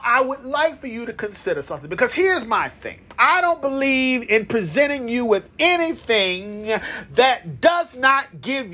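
A man hosting his own podcast, talking straight to listeners in a playful, pitchman-like monologue. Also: bright, forceful tone. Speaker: podcast host.

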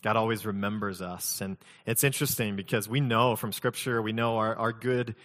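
A man's voice: fairly low pitch, steady tone, moderate pace, fairly bright tone, big-room sound. A man preaching a sermon as pastor, conversational, mixing scripture reading with humorous personal stories.

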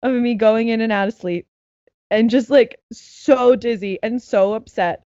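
A young woman telling a story in casual chat, animated and laughing, acting out what others said. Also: fairly high pitch, unhurried, no echo, muffled recording. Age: young adult.

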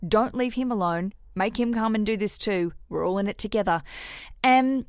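A woman's voice: medium pitch, normal speed, smooth, dry recording. Woman, podcast host, casual advice, frank and sweary, dry sound. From Australia. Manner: frank and sweary, slips into put-on voices for quotes. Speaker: podcast host answering listener questions.

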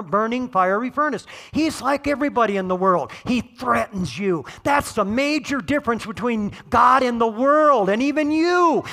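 A middle-aged man preaching a sermon, conversational and joking, rising to shouts on key points. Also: extremely high pitch. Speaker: pastor.

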